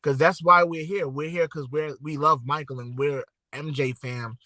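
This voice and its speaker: A man's voice: a little high, fairly even intonation, normal speed, background noise. A man co-hosting a podcast livestream, talking casually and rambling straight to his viewers. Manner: laid-back, rambling, talks straight to viewers. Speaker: podcast co-host.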